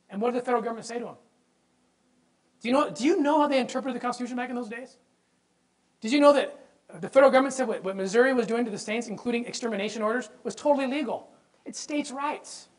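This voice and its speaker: A man's voice: very high voice, fast, low-quality recording. Male presenter, fervent religious history lecture, emphatic, rhetorical questions to the room, stumbles into repeats when fired up. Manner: repeats words when excited.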